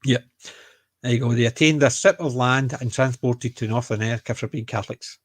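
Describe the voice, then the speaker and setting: A man's voice: medium pitch, brisk, no room sound. Chatty Glaswegian man, dry sound. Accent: Glaswegian Scottish. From Scotland. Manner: rambling, self-correcting, joking. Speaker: podcast co-host. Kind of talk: casual chat.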